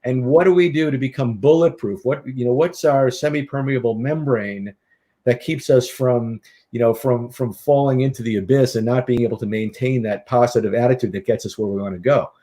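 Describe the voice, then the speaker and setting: A middle-aged man, a guest author and hypnotist, telling his story in a lively, animated way in a casual interview. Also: mid-range voice, a little fast. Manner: lively, animated storyteller who acts out quotes.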